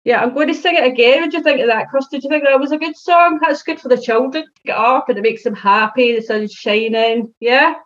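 Chatty Scottish woman, higher voice. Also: a little fast, hardly any pauses, lo-fi sound. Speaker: early years student presenter. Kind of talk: casual chat to children.

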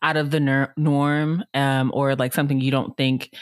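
A woman in casual conversation about a film, reflective and expressive, often quoting lines and laughing. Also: a bass voice, normal speed, smooth, no room sound, studio quality. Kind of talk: casual chat about a movie.

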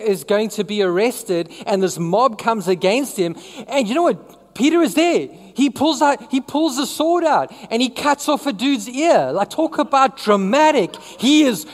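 A woman's voice: fairly high pitch, animated, normal speed, big-room sound. A woman preaching a sermon in a conversational way, often asking the congregation questions.

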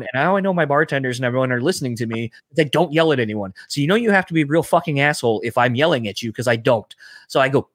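A man's voice: medium pitch, quick pace, no echo. A man who works as a bar bouncer, telling a story in casual chat, swearing freely and acting out what everyone said. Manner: profane, animated storyteller acting out quotes.

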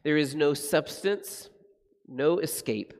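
A man preaching a sermon, earnest and reflective, slowing and softening his voice on the solemn passages. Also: a little high, gravelly, big-room sound. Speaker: pastor.

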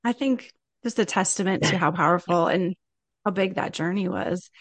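Gentle woman interviewer, dry sound. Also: fairly low pitch, moderate pace, dry recording. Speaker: interviewer, host.

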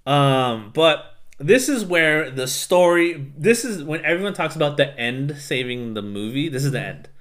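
A man co-hosting a casual podcast, retelling a film scene by scene with profanity and quick mocking voices. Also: on the high side, expressive, fairly bright tone. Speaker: podcast co-host. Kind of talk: casual chat.

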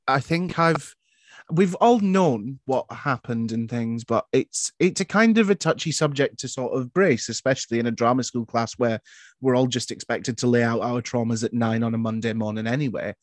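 A young man, hosting a casual podcast chat and asking gentle questions with frequent restarts. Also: medium pitch, moderate pace, no room sound, studio quality. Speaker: podcast host.

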